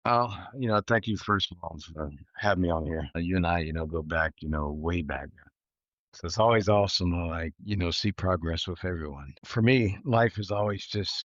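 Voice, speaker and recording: Laid-back low-voiced man. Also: normal speed, a bit bright, no room sound, muffled recording. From East Texas. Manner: laid-back, reflective, heavy on "you know" and "like". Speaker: guest entrepreneur. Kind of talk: casual interview chat.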